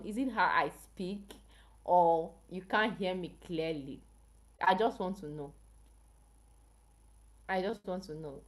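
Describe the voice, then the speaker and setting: A woman from Africa hosting a casual health livestream, chatting with viewers and asking them questions. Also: fairly low pitch. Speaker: health channel livestream host.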